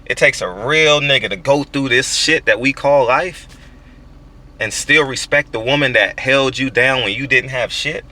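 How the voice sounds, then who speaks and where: A man's voice: medium pitch, normal speed, sharp tone. A man in his forties hosting a boxing channel, talking in a casual, profane, emphatic monologue with stammered restarts.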